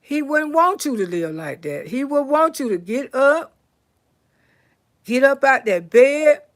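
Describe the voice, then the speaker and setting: A woman telling stories and praying for her live chat, swinging from loud to soft. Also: high-pitched, measured pace. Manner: animated storyteller, swings from loud to soft prayer. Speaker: comedian livestream host.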